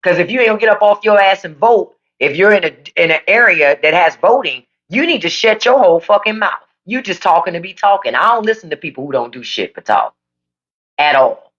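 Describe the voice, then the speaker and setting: A woman's voice: lowish voice, lively intonation, fairly quick, fairly bright tone, lo-fi sound. Blunt, profane woman ranting on a live stream. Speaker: livestream podcast host. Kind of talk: unfiltered political rant on a live stream. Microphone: phone or desk mic for a live stream.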